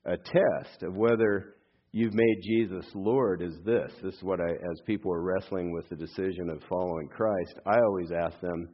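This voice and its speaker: A man's voice: low-pitched, steady tone, normal speed, lo-fi sound. An older man, a pastor, giving a conversational sermon with frequent fillers and friendly asides.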